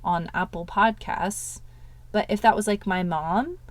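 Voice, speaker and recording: Woman podcast coach rambling casually, says like a lot, talks you through calming down. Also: mid-range voice, unhurried, no room sound. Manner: casual, says "like" often, self-soothing affirmations. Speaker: podcast host and life coach. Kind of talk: solo podcast coaching talk.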